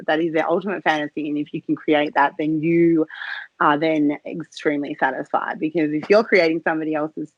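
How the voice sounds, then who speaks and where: A woman guest talks in a relaxed interview, laughing often and restarting her sentences. Her voice sits on the low side, and the sound is dry and close with a muffled, lo-fi quality. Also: brisk, no echo. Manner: hesitant, many fillers and restarts. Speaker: podcast guest, cam model. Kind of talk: casual interview chat.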